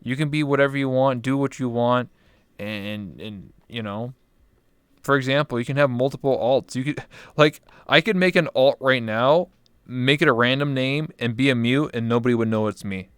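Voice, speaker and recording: A young man talking casually as a guest, relaxed and trailing off quietly at the ends of his thoughts. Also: mid-range voice, normal speed, clean tone, no echo, clean studio sound. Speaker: interview guest, streamer. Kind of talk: casual chat. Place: VR chat room.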